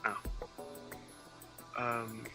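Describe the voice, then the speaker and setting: A man's voice: mid-range voice, completely flat delivery, very slow, music in the background, poor audio. A man playing in a tabletop game, talking hesitantly with many fillers. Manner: hesitant, lots of fillers and restarts. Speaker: player.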